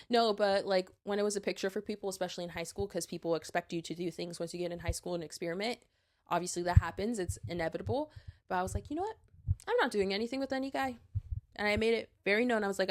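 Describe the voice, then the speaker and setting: Earnest chatty woman in her twenties. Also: mid-range voice. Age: 20s. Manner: earnest and chatty, full of likes and restarts; urging, advice-giving. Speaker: podcast host. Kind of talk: casual solo podcast talk.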